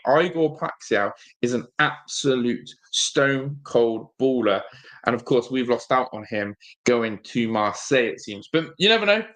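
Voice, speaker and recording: A man hosting a live fan stream, chatting casually and reading out the chat. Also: medium pitch. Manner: rambling, animated, reads chat aloud. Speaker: fan channel host.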